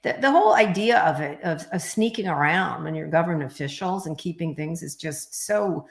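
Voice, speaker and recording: Middle-aged woman guest, low voice, blunt and quick, roomy echo. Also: lively intonation, vocal fry. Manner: blunt, fast, joking. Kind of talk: casual interview chat.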